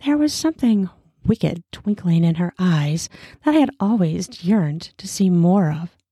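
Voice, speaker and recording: Slow, breathy woman reading erotic stories. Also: lowish voice, expressive, dark tone, dry recording, studio quality. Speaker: storyteller. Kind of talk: erotic story narration.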